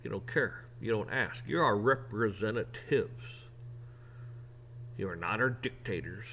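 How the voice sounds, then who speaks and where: A man's voice: on the low side, a little slow, pushed and bright, slight background noise. A man hosting his own opinion show, ranting bluntly with profanity and repeated restarts. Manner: repeats words and restarts when worked up. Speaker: podcast host. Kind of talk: opinion rant.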